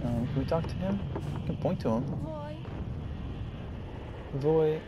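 A man's voice: fairly high pitch, a little slow, dull audio, heavy background noise. A man casually commenting while playing a video game, rambling and easygoing with lots of fillers. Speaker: gaming channel host. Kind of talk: casual let's-play commentary.

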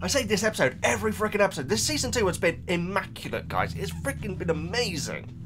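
A man's voice: sits high, very animated, fast, background noise. A man hosting a reaction channel, talking in a casual, emotional and rambling way with lots of restarts.

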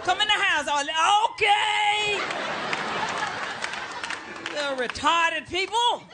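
A brash middle-aged woman comedian hollers her stand-up set in a very high, piercing voice. A roaring live crowd and heavy noise fill the background of the recording. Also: lively intonation, unhurried. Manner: loud, brash, shouting to the crowd. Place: stage before a live studio audience. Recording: loud live audience and noisy hall.

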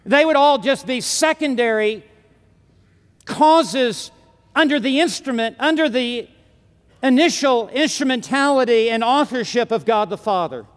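This conference sermon comes from a man whose voice rings unusually high, moving at a measured pace. He makes his case through strong, emphatic pronouncements that trail away into a vast hall's long reverb.

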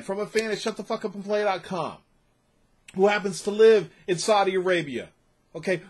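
A man's voice: sits high, slightly rough. A man who runs a gaming website, ranting angrily to camera and swearing nonstop. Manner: furious, profane, repeating himself. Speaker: gaming site owner and writer. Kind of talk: angry rant to camera.

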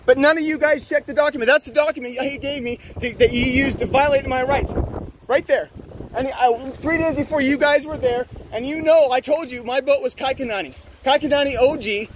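Furious high-voiced man berating officials. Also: fairly quick, noisy background. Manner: angry, accusatory, profane, shouting. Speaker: boat owner confronting officials. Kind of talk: heated confrontation, filmed. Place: outdoors at a harbor.

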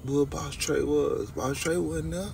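Man, young adult, gravelly, loose storyteller, livestream chat, distant phone mic, faint hum. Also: a little high, fairly even intonation, a little slow, a little mellow. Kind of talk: late-night livestream chat with viewers.

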